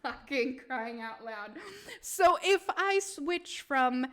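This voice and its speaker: A young woman, streaming tarot readings and chatting with her viewers, laughing often and answering chat in an animated way. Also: sits high, slow pace. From Sweden. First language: Swedish. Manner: giggly, animated, talks back to chat. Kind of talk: casual live-stream chat.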